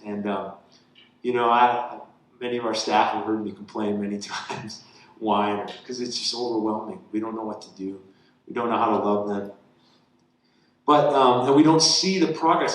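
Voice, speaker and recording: A man's voice: fairly low pitch, normal speed. Man preaching in a very echoey hall. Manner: conversational, voice rising with excitement in the story. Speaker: campus ministry pastor. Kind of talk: sermon with personal storytelling.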